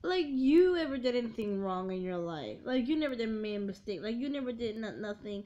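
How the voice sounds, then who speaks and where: A young woman tells her own heartbreak story in a tearful, heartfelt way. She talks haltingly, often restarting and repeating herself. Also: a little high, big pitch swings, dark tone. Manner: halting and repetitive, with many restarts and fillers. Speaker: vlogger. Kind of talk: emotional storytime confession. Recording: dull lo-fi recording.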